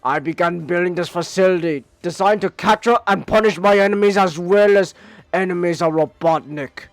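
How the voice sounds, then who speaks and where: A man's voice: high voice, moderate pace, dry recording. A man voicing a boastful male robot crocodile prison warden in a comic read aloud on stream. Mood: gloating. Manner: gloating villain monologue read aloud.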